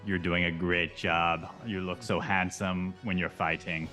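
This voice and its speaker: A man voicing a mocking bard in a tabletop game, in a slow, sneering, low put-on voice. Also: level tone, fairly bright tone, soft background music.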